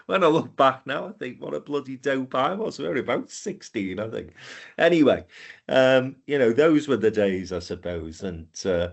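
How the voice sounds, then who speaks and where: A man's voice: medium pitch, expressive, normal speed, vocal fry. An older man hosting a political chat podcast, telling anecdotes and moving the panel along. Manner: anecdotal, steers to next question. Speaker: podcast host.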